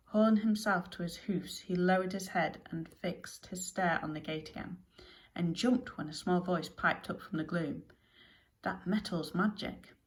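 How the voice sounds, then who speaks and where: A woman narrates a children's adventure story in a somewhat low voice. Her reading is lively and expressive, leaning into the funny and tense parts. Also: rough recording. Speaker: audiobook narrator.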